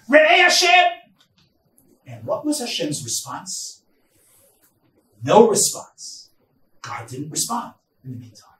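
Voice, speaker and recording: A rabbi giving a Bible lecture at a conference, emphatic, with loud stresses and quiet asides. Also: male voice, extremely high pitch. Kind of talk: Torah lecture. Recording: echoey hall, distant mic, faint noise.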